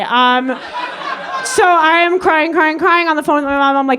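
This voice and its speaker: A young woman comedian from Long Island telling a rambling story on stage, giggling through it with deadpan asides. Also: sits high, normal speed. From Long Island, New York. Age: young adult. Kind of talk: live stand-up storytelling. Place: comedy stage with live audience.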